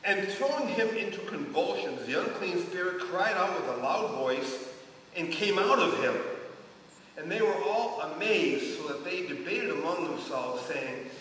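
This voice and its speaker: A man's voice: high voice, animated, unhurried, fairly bright tone, slight background noise. A man leading an informal Bible study, talking in a rambling, conversational way with many restarts and asides. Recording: echoey hall from far off.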